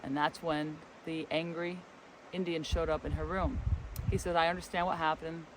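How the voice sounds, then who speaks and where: Outdoors in a windy forest, a man with a fairly high, level voice tells a story at a moderate pace as co-host of a spiritual travel channel's vlog. He rambles casually and acts out the dialogue. The audio is poor, with light wind and outdoor noise.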